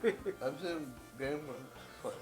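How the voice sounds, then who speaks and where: A man's voice: a little high, very slow, over music. A man chatting casually with friends over a game, curious and asking questions. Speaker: co-host. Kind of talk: casual let's-play chat.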